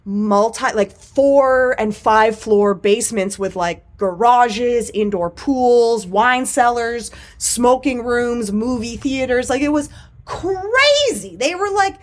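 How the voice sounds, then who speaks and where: A woman's voice: a little high, animated, takes it slowly. A woman co-hosting a podcast, telling stories in a rambling, enthusiastic way, full of fillers. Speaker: podcast co-host. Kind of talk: casual podcast chat.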